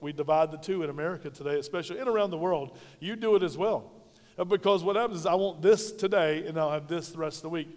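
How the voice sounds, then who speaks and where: A pastor preaching a sermon in a folksy, direct way, talking to his congregation. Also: on the high side. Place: church sanctuary. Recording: reverberant church hall.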